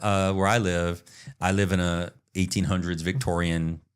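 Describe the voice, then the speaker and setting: A man's voice: low-pitched, level tone, normal speed, smooth. A man co-hosting a podcast in casual chat, rambling through a story and acting out the sounds. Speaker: podcast co-host.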